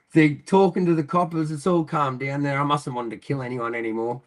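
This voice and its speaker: A man's voice: fairly high pitch, fairly even intonation, brisk. An Australian man, a podcast guest telling a long story in casual, rambling fashion, full of swearing and frequent laughter. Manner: profane, rambling, laughs often.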